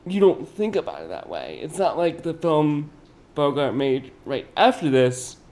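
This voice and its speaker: A man co-hosting a casual podcast about old films, talking in an animated, chatty way with lots of fillers. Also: on the high side, unhurried. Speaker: podcast co-host. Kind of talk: casual film discussion. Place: indoor podcast recording.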